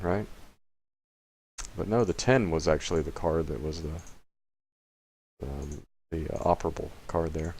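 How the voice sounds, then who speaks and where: Low-pitched man from Florida, rambling vlog commentator, hesitant with sudden excitement. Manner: rambling and hesitant, with many fillers; bursts of excitement at big hands. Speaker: poker player and channel host. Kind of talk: casual commentary while playing online poker.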